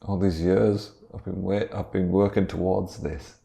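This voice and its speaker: A man's voice: low voice, level tone, a little slow, creaky, mellow. Man playing a lonely earnest scientist. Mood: reassuring. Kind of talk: improvised comedy podcast.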